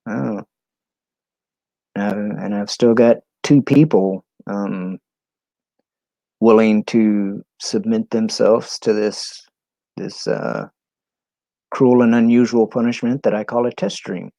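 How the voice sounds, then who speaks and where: A man from New England chatting casually on a live stream, halting and full of ums and restarts. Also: lowish voice, vocal fry, dark tone, no room sound.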